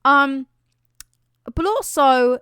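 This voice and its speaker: A woman's voice: high-pitched, lively intonation, extremely slow, fairly bright tone, dry recording, studio quality. A young British woman chatting on her vlog, playful and dramatic, exaggerating for effect. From Britain. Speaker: vlogger. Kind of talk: casual chat.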